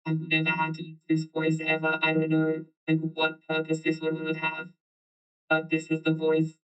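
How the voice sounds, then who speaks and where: A woman speaking through a robotic voice-changer filter as a flat monotone robot. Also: sits low, smooth, recorded from a distance, lo-fi sound, soft background music, voice pushed down. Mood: deadpan. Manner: slow, flat delivery.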